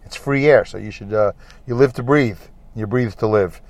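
A man's voice: fairly low pitch, normal speed, a little mellow, no room sound. Brooklyn-accented male podcast host, chatty and self-mocking, in a parked car, dry sound. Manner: chatty, repetitive, self-deprecating. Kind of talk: rambling solo podcast monologue.

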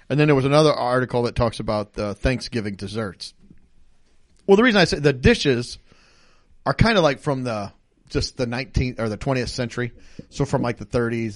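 A man hosting a casual chat, telling food stories in a chatty, animated way. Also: mid-range voice, no echo, studio quality. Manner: chatty, lively storytelling with laughs. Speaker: podcast host.

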